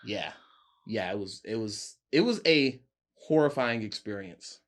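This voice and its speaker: A young man, a podcast guest, telling a story in casual chat, animated and laughing, acting out his friends' lines. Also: lowish voice, unhurried.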